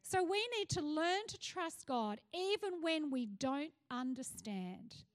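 A woman's voice: sits high, animated, takes it slowly. A middle-aged woman pastor with an Australian accent, preaching a passionate sermon that rises to fervent cries.

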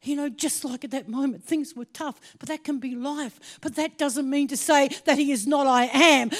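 A woman preaching a sermon, telling a personal story with animated swings between hushed asides and excited exclaiming. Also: high-pitched, moderate pace, hardly any pauses.

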